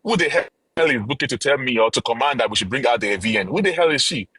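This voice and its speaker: A Nigerian man holds forth on a live audio stream, indignant and forceful. His pitch swings widely and his voice has a slightly husky edge. The sound is dry and close. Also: expressive, quick pace, no echo. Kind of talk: heated live chat.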